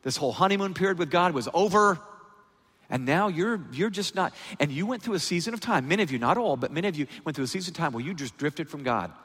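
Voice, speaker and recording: A man giving a sermon as a guest preacher, in a lively, animated preaching style with a husky voice. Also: fast. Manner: lively, animated preaching with big pitch swings. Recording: reverberant hall sound.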